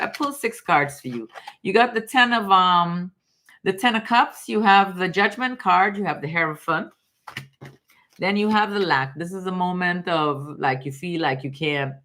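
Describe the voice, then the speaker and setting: A woman's voice: on the low side, a bit bright, slight background noise. A woman from Guyana giving casual live tarot readings, calling viewers baby and darling in an affectionate way. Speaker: tarot reader on a live stream.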